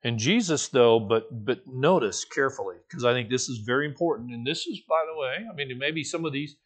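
A man preaching a conversational sermon as a pastor teaching a Bible study, informal and animated, with playful asides and light laughs. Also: medium pitch.

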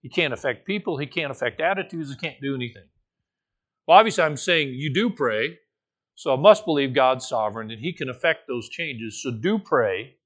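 Teaching a Bible study, this pastor delivers a relaxed, animated sermon, tossing in playful remarks and light chuckles. He's a man with a medium-pitched voice speaking at an ordinary speed.

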